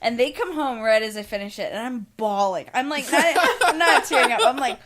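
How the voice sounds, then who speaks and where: Higher-voiced woman telling a story. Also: fairly quick, slight background noise. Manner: animated storytelling, laughs often. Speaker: podcast co-host. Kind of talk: casual chat.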